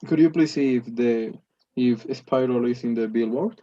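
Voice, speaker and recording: A man learning English, practicing polite requests and often pausing to search for words. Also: mid-range voice, dark tone, lo-fi sound. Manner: hesitant, restarts, searches for words. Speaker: English student.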